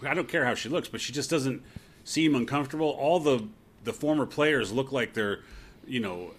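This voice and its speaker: A man co-hosting a casual sports podcast, talking in an animated, joking, opinionated way. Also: medium pitch, normal speed. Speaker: podcast co-host.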